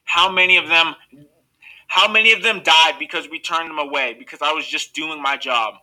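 A grief-stricken old Cuban grandfather, read by a man, pours out his confession in a pleading, anguished way. The voice sits a little high and rings very bright. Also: moderate pace, low-quality recording.

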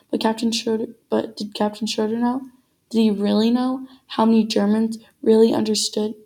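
A woman reading a novel aloud chapter by chapter, in an even, unhurried manner. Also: fairly high pitch. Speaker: reader.

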